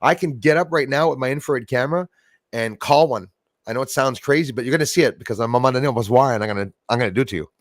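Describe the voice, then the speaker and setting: Male stream host, loose and rambling, swears a lot, mid pitch, dry mic. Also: quick pace, no echo. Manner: rambling, emotional, swears freely. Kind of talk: casual livestream chat.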